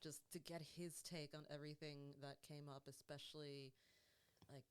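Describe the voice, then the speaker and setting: A woman's voice: low voice, flat delivery, normal speed, smooth. A woman life coach co-hosting a podcast, chatting casually, laughing often and swearing now and then.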